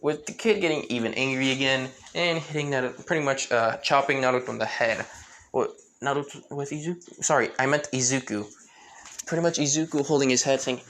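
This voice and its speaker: A man's voice: mid-range voice, a little fast, fairly bright tone, a little hiss or hum. Man narrating a fan story, rambling, self-correcting, casual.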